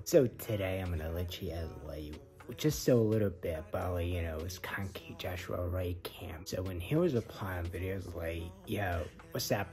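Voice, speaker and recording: Deep-voiced man rambling in a half-whisper. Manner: rambling, filler-heavy, often half-whispered. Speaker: reaction vlogger. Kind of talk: casual retelling of a video.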